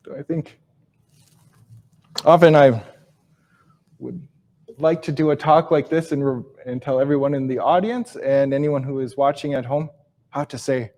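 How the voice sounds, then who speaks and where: Reflective man teaching in slow phrases. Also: medium pitch. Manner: slow, reflective delivery with soft, trailing phrase endings; repeats and restarts phrases while searching for words. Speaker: Ojibwe language teacher and speaker. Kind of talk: live teaching talk with storytelling.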